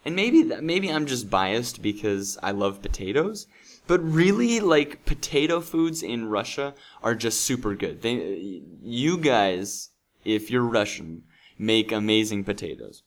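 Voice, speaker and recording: A man's voice: on the low side, animated, unhurried. A man who hosts an English-learning podcast, talking in a chatty, upbeat, casual way with many fillers. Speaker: English teacher and podcast host.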